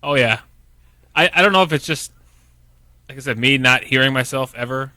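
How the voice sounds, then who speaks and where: A young man with a Michigan accent, co-hosting a casual podcast and rambling through his points with many halting restarts. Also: medium pitch, bright, forceful tone, no echo. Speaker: podcast co-host. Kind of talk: casual chat.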